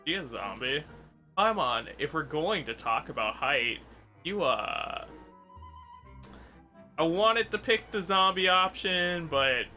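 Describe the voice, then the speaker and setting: A man's voice: on the high side, animated, slow pace, pauses often, pushed and bright, faint music behind. A man hosting a gaming channel, chatting through gameplay with wry jokes about the characters. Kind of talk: casual gameplay commentary.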